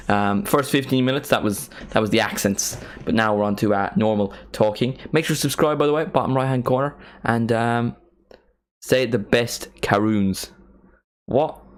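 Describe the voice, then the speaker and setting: A man's voice: mid-range voice, fast, few pauses. This is a young man hosting a live football watchalong stream. He chats in a loose, rambling way and keeps joking as he goes. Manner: playful, rambling, jokey. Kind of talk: casual live-stream chat.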